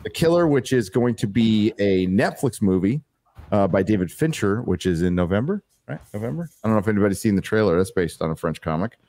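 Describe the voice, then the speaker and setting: A man hosting a live stream, reading out donations and chatting in a joking, swearing, animated way. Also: fairly low pitch, a little fast. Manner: animated, joking, swearing, reads superchats aloud. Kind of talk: casual live-stream chat.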